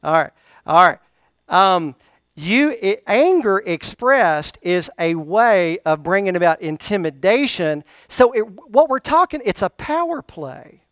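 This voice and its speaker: High, smooth-voiced preacher man. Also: big pitch swings, a little slow, a bit bright, dry recording, studio quality. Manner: call-and-response preaching, questions to the congregation. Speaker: pastor. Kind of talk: sermon. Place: church service.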